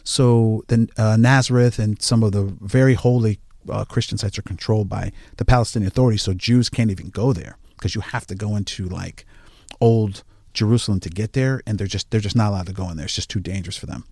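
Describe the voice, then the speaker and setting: A man speaking as an interview guest in casual conversation, halting often with fillers and restarts. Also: lowish voice, vocal fry, darkish tone, dry recording, clean studio sound.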